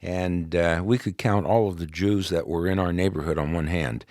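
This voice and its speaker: Man, New York, very deep voice, dry close sound, podcast guest, personal testimony, conversational with fillers. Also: steady tone, normal speed, no room sound. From New York, USA. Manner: conversational, with frequent "uh" fillers and soft laughs.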